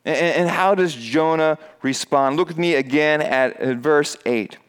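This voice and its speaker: Pastor guy preaching in church, smooth clear voice, kinda chatty with lots of uhs. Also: measured pace. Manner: conversational preaching with fillers and restarts; acts out quoted voices in a raised pitch. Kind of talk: sermon. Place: church with a screen behind him.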